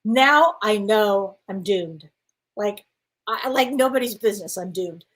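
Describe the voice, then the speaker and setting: A woman co-hosting a chat show, telling a personal story in an animated way and acting out the dialogue. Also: medium pitch, a little slow. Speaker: co-host.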